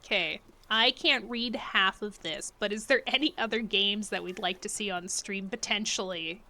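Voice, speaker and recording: Chatting with viewers on her live stream, a woman keeps things casual and playful, giggling a lot and occasionally murmuring quiet asides. She speaks at medium pitch and a normal pace.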